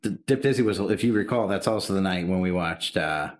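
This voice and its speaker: A man's voice: deep voice, fast talker. A man co-hosting a podcast, telling rambling, profane stories in casual chat. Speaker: podcast co-host.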